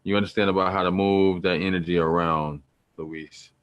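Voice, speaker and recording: A man's voice: sits low, steady tone, a little fast. A man teaching about spirituality in a loose, slangy, preachy way, repeating points for emphasis. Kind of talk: casual spiritual teaching talk.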